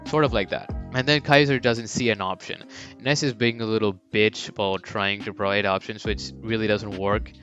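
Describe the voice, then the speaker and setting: Casual young male storyteller, slightly low voice, loose and profane delivery, lo-fi mic with soft music underneath. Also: steady tone. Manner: rambling, swears, jumps into quick high character voices. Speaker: fan storyteller. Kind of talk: casual unscripted fan-story narration. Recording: dull lo-fi mic with faint background music.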